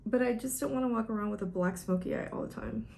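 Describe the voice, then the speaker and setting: A young woman with a fairly high, creaky, darkish voice talks fast while doing her makeup at home. It's a casual get-ready-with-me chat from a beauty vlogger who rambles emotionally, teary and almost crying.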